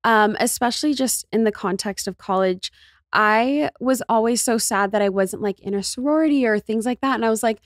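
A woman's voice: on the high side, fairly quick, no room sound, clean studio sound. A young woman guest on a podcast, chatting casually and filling her talk with lots of "like". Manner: chatty, filler-heavy, lots of "like". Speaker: guest, trend forecaster.

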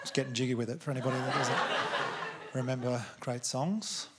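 A man in his thirties with an Australian accent, doing stand-up comedy with crude, exasperated rants and loud outbursts. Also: medium pitch, a little fast, heavy background noise. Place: theatre stage before a laughing audience. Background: audience laughter.

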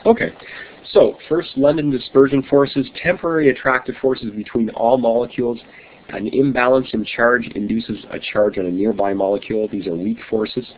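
A man's voice: mid-range voice, steady tone, normal speed. A middle-aged man teaching a chemistry lesson to an online class, friendly and chatty, reading his notes aloud. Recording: tinny phone-like online class audio.

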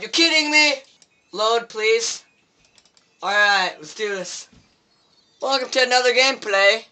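A man's voice: very high-pitched, a little slow, pauses often, bright, forceful tone. A teenage boy commenting on his own gameplay, swearing and pleading with the game in frustration. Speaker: gameplay video maker.

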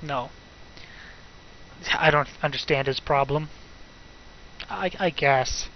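A man's voice: fairly high pitch, lo-fi sound, a little hiss or hum. A young man doing let's play commentary, ranting and muttering to himself in frustration as he swears at the game.

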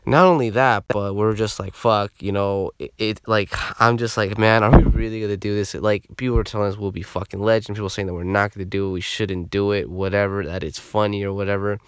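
A man telling a story from his school days in a casual, profane and animated way. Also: on the low side, a little fast, few pauses, clear, resonant tone, no room sound.

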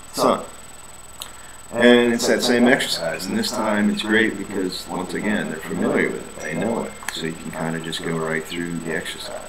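A low-voiced male English teacher explains his lesson plan in a loose, casual way, breaking off to repeat vowel sounds over and over as a classroom drill. The room is echoey, with a crowd chattering in the background. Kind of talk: walking through a lesson plan.

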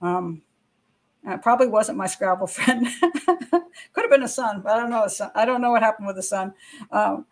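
A woman's voice: medium pitch, expressive, normal speed, pauses often. An older woman hosting true-crime commentary, giving frank, opinionated views straight to viewers with casual asides and rhetorical questions. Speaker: criminal profiler and channel host.

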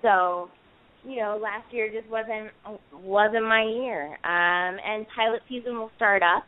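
A woman's voice: mid-range voice, slow pace. A chatty woman in her thirties, talking loosely and playfully with plenty of fillers and restarts. She sounds tinny and narrow, as if she is coming through a phone line. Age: 30s. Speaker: actress guest. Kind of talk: casual interview chat.

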